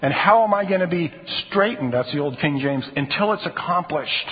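A man's voice: on the high side, expressive, normal speed, hardly any pauses. A man preaching a sermon as a pastor, earnest and pressing harder on key phrases. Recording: tinny phone-like sound in a reverberant hall.

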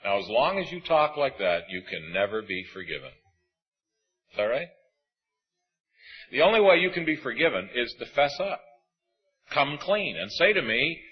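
Husky-voiced man preaching with lively pitch. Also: normal speed, long pauses, lo-fi sound, faint music behind. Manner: animated, acts out quoted voices in the sermon. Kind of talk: sermon. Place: auditorium.

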